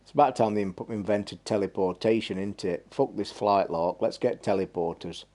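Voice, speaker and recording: A man's voice: lowish voice, moderate pace, dark tone. A man hosting a gaming live stream, chatting in a rambling, blunt and sweary way. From England. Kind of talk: casual live-stream chat.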